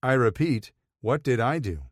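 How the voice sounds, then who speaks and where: A man's voice: medium pitch, animated, moderate pace, no echo, clean studio sound, close to an everyday voice. A man voicing a smug, affectionate grown man who talks in a wry, teasing way.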